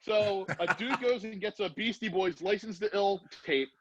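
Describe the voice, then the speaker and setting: Male podcast guest, lively storyteller, slightly high voice, dry lo-fi recording. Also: normal speed, no room sound. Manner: animated storyteller acting out quoted voices. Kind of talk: casual storytelling.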